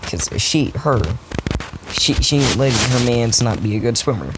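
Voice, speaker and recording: A man's voice: mid-range voice, a little slow. A young man improvising a fan-fiction story in a rambling, profane, casual way, with many restarts. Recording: steady background noise.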